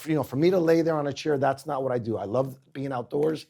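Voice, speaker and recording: With a medium-pitched, fast voice and vocal fry, a Puerto Rican man tells stories as a guest chef on a podcast. He's casual and animated, acting out the people in them.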